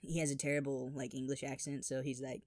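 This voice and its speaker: A man telling funny childhood stories in an animated, exaggerated voice-over. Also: medium pitch, fast, dry recording, clean studio sound. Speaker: storyteller. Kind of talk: animated comedic storytelling.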